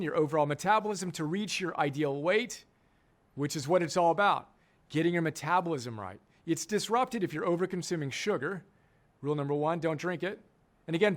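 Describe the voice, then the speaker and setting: A middle-aged man, a coach and program founder, giving an emphatic teaching talk and repeating key phrases for effect. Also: sits high.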